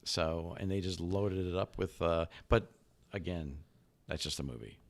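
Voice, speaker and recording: A man's voice: sits low, gravelly. A man co-hosting a podcast about the outdoors, chatting casually and often restarting his sentences. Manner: halting, many restarts and repeated words. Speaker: podcast co-host.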